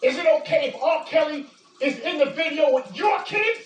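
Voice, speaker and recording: Speaking in an animated high voice at a moderate pace, a woman vlogger furiously accuses a public figure straight to camera, repeating insults and occasionally shouting. The distant mic in an echoey room cuts off the highs and catches slight background noise.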